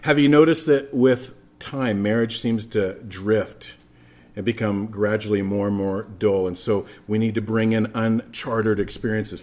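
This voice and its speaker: A man preaching a sermon as pastor, telling stories and speaking straight to the congregation. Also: lowish voice. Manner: animated storytelling, addresses congregation directly.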